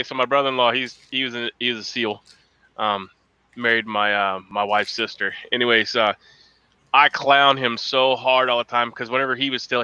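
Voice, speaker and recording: A man's voice: medium pitch, pushed and bright, clear, resonant tone, no echo, dull audio. A man chatting casually as a podcast host, telling profane stories and laughing often. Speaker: podcast host, Marine veteran. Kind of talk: casual chat.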